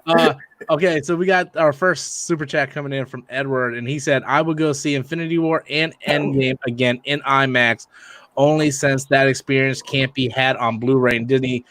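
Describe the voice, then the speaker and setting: A man's voice: mid-range voice, fairly even intonation, moderate pace, a bit bright, dry recording. A man hosting a casual live-stream discussion, laid-back, with frequent restarts and plenty of swearing. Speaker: channel host.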